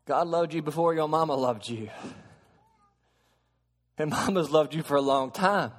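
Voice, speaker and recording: A man preaching a sermon to a congregation, shifting from soft explaining to loud, emphatic preaching and asking them questions. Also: a little high, a little slow. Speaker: pastor. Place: church sanctuary. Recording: long hall reverb.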